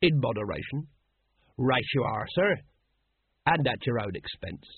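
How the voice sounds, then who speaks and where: A man doing a sly, husky old sergeant type. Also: mid-range voice, big pitch swings, measured pace, exaggerated voice. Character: sly, drink-loving middle-aged male sergeant. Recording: dry, phone-like narrow sound.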